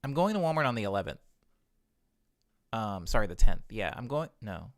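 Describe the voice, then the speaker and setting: Gravelly, chatty young man producer. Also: on the low side, very animated, normal speed, no echo, studio quality. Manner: rambling, chuckles between thoughts, self-correcting. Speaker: music producer streaming. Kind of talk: casual chat while producing music. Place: home music studio.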